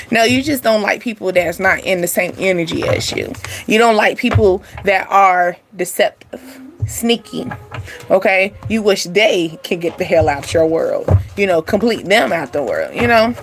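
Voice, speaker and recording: A woman's voice: medium pitch, a little hiss or hum. A woman hosting a spiritual reading channel, talking casually and bluntly to her viewers with frequent asides. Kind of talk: casual tarot-style energy reading.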